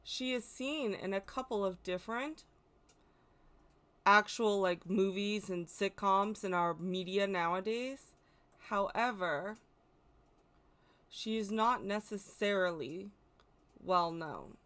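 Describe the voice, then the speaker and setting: A woman's voice: mid-range voice, slow pace, long pauses, fairly bright tone, clean tone. A woman hosting a folklore channel, explaining in a chatty, rambling way with fillers and self-corrections. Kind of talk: casual explainer talk.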